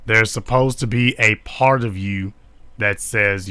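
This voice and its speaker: A man's voice: lowish voice, steady tone, slow, bright, forceful tone, smooth, dry recording. A man giving live-streamed social commentary, indignant and preachy, hammering points home with repeated rhetorical questions. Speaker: online commentator.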